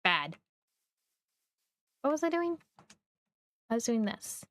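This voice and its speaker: A young woman from Missouri, chatting casually and rambling while she streams a game, quick to poke fun at herself. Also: fairly high pitch, very animated, a bit bright, no echo. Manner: rambling, chatty, self-deprecating. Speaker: livestreamer. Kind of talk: casual live gameplay chat.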